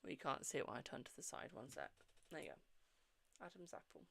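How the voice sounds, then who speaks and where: With a sing-song lilt and a bright, forceful tone, a British man talks fairly quickly while hosting a live-stream tarot reading. His voice is medium-pitched with vocal fry, and he affectionately repeats phrases, calling viewers "my darling" and "boo."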